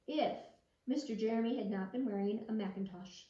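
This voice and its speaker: A woman reading a children's picture book aloud in an expressive, lively way. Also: on the high side, fairly quick. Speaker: children's storyteller. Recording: roomy, distant, dull lo-fi sound.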